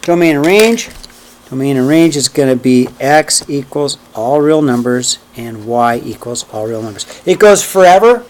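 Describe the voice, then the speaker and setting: Speaking at normal speed with a medium pitch and an animated delivery, a man teaches a math class, counting points aloud as he graphs and checking in with "okay?" and "right?". His voice is a little mellow, and there's slight background noise.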